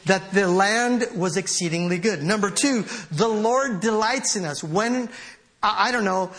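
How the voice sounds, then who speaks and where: High-voiced animated male preacher. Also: a little slow. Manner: animated preaching, laughing, reading scripture aloud. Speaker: pastor. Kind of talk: sermon.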